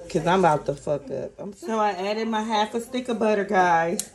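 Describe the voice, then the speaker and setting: A woman's voice: mid-range voice, normal speed, creaky, darkish tone, slight background noise. A woman filming a casual cooking vlog in her home kitchen on a handheld phone. She chats straight to viewers and swears freely. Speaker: cooking vlogger filling in for her mother.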